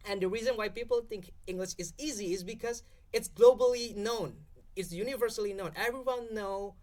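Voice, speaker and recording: Speaking briskly in a high, somewhat dark voice, a young Indonesian-accented man explains things as a guest on a casual podcast. He repeatedly checks that listeners follow by saying "okay?"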